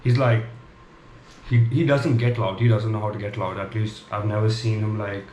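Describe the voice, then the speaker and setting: A man's voice: on the low side, level tone, moderate pace, darkish tone, lo-fi sound, a little hiss or hum. A young man vlogging, telling a casual story with a rambling, candid manner and many fillers. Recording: echoey room with clear background ambience.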